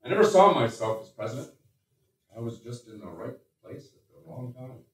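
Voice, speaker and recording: A man's voice: medium pitch, big pitch swings, moderate pace, close to an everyday voice. An older man with a Missouri accent, playing a blunt, folksy American president in a one-man stage show. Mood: folksy reflective. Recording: echoey stage from far off.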